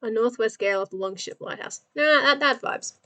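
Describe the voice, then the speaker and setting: A woman's voice: a little high, brisk, pushed and bright. A young Australian woman hosting a livestream, chatting casually and laughing often while she works and answers her viewers. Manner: giggly, chatty, talks to chat while working. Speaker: livestream host.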